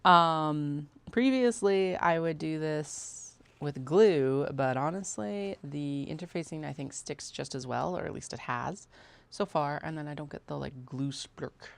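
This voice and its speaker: Low, gravelly-voiced chatty woman. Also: unhurried. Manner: chatty, talks herself through steps, mutters and swears casually. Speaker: sewing livestream host. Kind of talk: casual chat while sewing.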